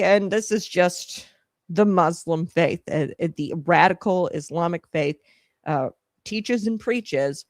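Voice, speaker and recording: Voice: medium pitch, dry recording, clean studio sound. A host of a political commentary show, talking casually in a rambling, scornful way full of fillers and asides.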